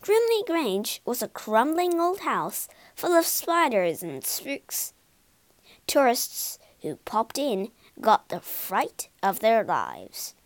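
A woman narrating a children's storybook for learners, expressive and clear. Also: on the high side, dry recording.

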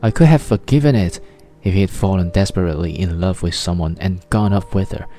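A man voicing a bitter, vindictive betrayed wife who speaks quickly with little gasps and a trembling voice. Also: deep voice, warm tone, faint music behind. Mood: furious.

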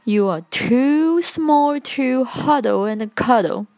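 A woman's voice: high voice, animated, slow pace, darkish tone, dry recording, pitched above the performer's own voice, heavily acted. A woman voicing a giant teddy bear in a read-aloud storybook, bawling in a raised voice. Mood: tearful.

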